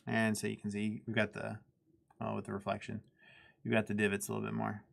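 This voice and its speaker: Male streamer, casual tutorial delivery, self-deprecating, gravelly edge. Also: lowish voice, monotone, a little fast. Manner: chatty, self-deprecating, laughs easily. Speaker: miniature painting streamer. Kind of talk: casual live painting tutorial.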